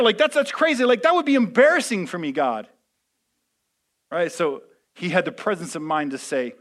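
A man preaching a sermon as a pastor, conversational with many fillers, swinging from hushed asides to loud, emphatic peaks. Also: fairly high pitch.

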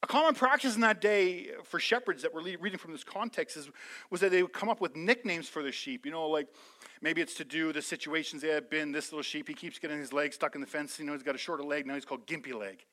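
High, bright-voiced fervent preacher man. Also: fast talker. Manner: energetic, swings from loud fervor to soft intimate asides, joking. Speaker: pastor. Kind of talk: sermon.

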